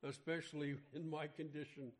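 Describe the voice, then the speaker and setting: A man's voice: a little high, little pitch movement, moderate pace. A man giving an informal Bible study sermon, talking conversationally with frequent restarts. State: mentions having an irregular heartbeat. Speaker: Bible teacher.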